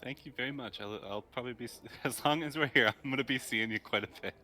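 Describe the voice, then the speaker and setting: A man playing a tabletop game, laid-back and halting, often laughing. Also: medium pitch, sharp tone. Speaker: player. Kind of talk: casual tabletop play, in character.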